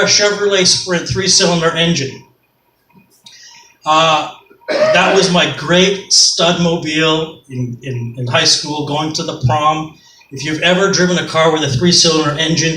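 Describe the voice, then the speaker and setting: On a club stage, a middle-aged Canadian man with a high, sharp voice performs a rambling stand-up set full of profanity and self-mockery. The club is echoey, the mic is far away, and there's faint noise.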